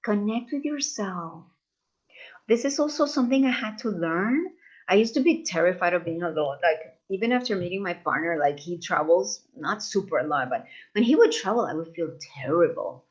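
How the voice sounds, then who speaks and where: A woman leading a live masterclass, talking warmly to her audience and acting out the voices people use on themselves. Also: lowish voice, moderate pace, dull audio. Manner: expressive, acts out inner voices, addresses audience as "you guys". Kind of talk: live online masterclass talk.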